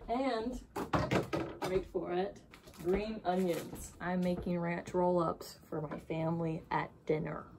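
A woman's voice: lowish voice, steady tone, takes it slowly. A young woman vlogging in a chatty, rambling way with jokey asides. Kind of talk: casual vlog chat. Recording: noisy handheld home recording.

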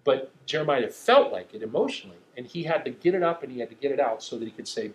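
A man's voice: medium pitch, animated, quick pace, few pauses. A man preaching a sermon in a conversational way, often checking in with "okay?". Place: church sanctuary. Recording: echoey room.

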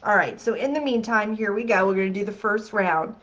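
A woman guides a live online group through a healing exercise in a lively, chatty way, often stopping to check in with the group. Her voice sits in an ordinary middle range. The sound is dull and slightly lo-fi. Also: medium pitch, a little fast. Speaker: host of a healing masterclass.

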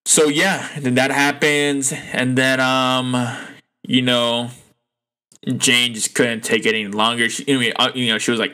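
A man talks through a solo podcast in a loose, rambling way, full of "like" and "you know" and casual swearing. His voice has a bright, forceful edge, and it jumps up when something bothers him. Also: mid-range voice. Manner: rambling, loose and profane, full of fillers and restarts; animated, voice jumping up when indignant. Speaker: podcast host.

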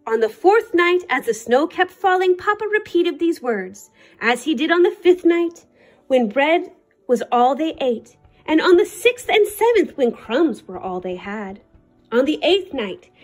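A woman reading a picture book aloud to children for a library storytime, with an expressive delivery. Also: high voice, measured pace, faint music behind.

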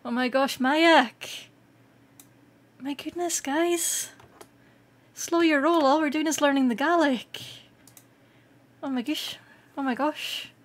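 Scottish lady on a livestream, giggly and excitable, chatting away to chat. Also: high-pitched, slow pace, long pauses. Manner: excitable and giggly, laughs often. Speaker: streamer.

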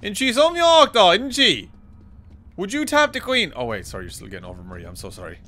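An Irish man commentating as he plays a shooter game, excitable and swearing freely, often yelling at enemies. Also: sits high, a little fast. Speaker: streamer. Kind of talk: gameplay commentary.

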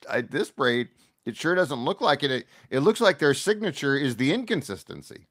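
Lively bantering male sports guest. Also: medium pitch, normal speed. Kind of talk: casual sports chat.

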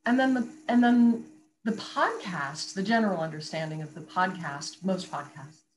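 A woman voice coach in a conversational interview, talking in an articulate, animated and explanatory way. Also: lowish voice, moderate pace, a little hiss or hum, rough recording. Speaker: voice coach and radio guest.

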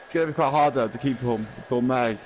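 A man's voice: mid-range voice, fast, a little hiss or hum, poor audio. Dry-teasing Liverpool man. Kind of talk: casual gaming chat.

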